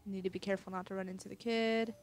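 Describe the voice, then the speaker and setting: A woman's voice: medium pitch, little pitch movement, very fast, soft background music. A woman casually commenting on a horror game she is playing, reading its text aloud and swearing now and then. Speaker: let's play gamer.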